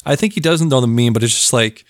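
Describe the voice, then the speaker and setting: A man hosting a casual podcast, excitable and rambling, laughing often and filling gaps with ums. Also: medium pitch, quick pace, no echo, studio quality. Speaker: podcast host.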